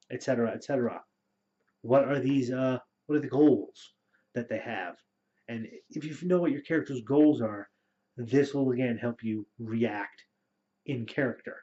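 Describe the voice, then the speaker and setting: A man talking through role-playing tips in a relaxed, rambling way, with many fillers, as a game storyteller. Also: medium pitch. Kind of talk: casual spoken advice video. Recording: dull lo-fi recording.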